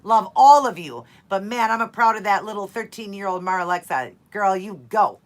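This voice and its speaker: A woman in her forties hosts a live keto Q&A stream, speaking directly to her viewers in a heartfelt, repetitive way. Her medium-pitched voice is expressive and a little fast.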